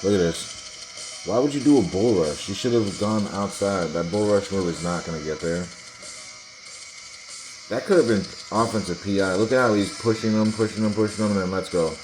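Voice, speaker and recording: Talking straight to his audience over game footage, a low-pitched man hosts his own sports video in a casual, dismissive, conspiratorial way. The recording sounds rough.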